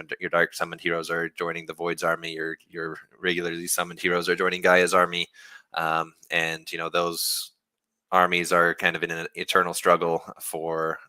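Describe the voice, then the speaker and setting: A man from a game studio explaining a new feature on a livestream Q&A, relaxed, with many fillers and restarts. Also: deep voice, clean tone, no room sound. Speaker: game developer.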